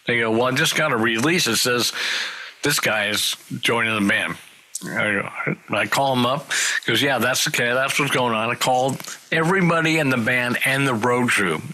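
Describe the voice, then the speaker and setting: A man spins road stories in a loose, casual interview, and his voice is bright and forceful. He acts out everyone he quotes along the way, with a steady middle pitch. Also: normal speed, rough recording. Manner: animated storyteller acting out quoted voices. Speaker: metal singer telling road stories.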